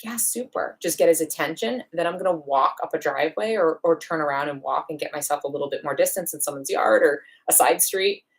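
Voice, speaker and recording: A woman with a low voice talks through dog training in a live question-and-answer session. She explains practical steps one by one and briefly acts out little exchanges as she goes. Her delivery is plain and instructive. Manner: practical, explains step by step with quick acted-out asides. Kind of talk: live online Q&A lesson.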